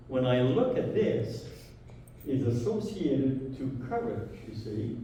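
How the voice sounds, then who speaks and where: A man's voice: a little high, warm tone, a little hiss or hum. A man with a French accent, a native French speaker, giving a spiritual talk in a church and reading quotes aloud with feeling. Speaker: guest speaker. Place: large church hall. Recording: echoey hall, speaker far from mic.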